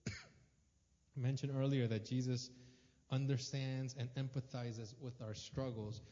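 A man preaching a sermon with emphatic, repetitive phrasing that swings between soft and loud. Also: mid-range voice, little pitch movement, measured pace. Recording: dull sound with long hall reverb.

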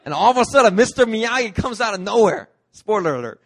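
Fast and high-voiced, a pastor delivers a sermon in a church hall with no echo. He's animated as he narrates a story, performing the movie characters with voices he puts on.

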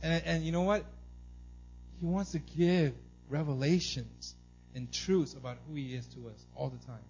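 A man's voice: on the high side, moderate pace, highs cut off, slight background noise. A man in his thirties preaching a conversational sermon, telling family stories and often asking "right?". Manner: animated storytelling, acts out his son's excited squeals. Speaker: pastor.

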